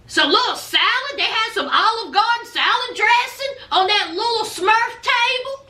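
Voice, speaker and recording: Sassy woman recap host, high and bright voice, roomy echo. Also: animated, normal speed. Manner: sassy, gossipy. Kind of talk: casual chat.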